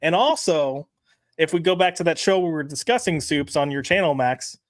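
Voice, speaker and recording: A man's voice: on the high side, moderate pace, dry recording. A man co-hosting a casual podcast, chatting in a rambling way with lots of fillers and reading out live chat comments. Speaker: podcast co-host.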